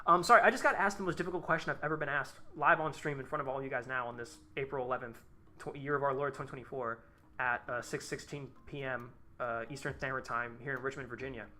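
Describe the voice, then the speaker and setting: A man's voice: mid-range voice, fairly even intonation, fast, sharp tone. A man live-streaming as he designs a tank, talking casually to his chat with frequent swearing, exasperated outbursts and rambling asides.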